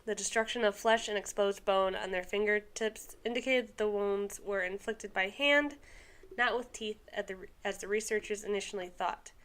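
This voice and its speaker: A woman's voice: mid-range voice, moderate pace, fairly bright tone. Woman reading aloud on a podcast. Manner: reads aloud with asides and stumbles. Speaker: podcast co-host. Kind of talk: casual podcast chat, reading a story aloud.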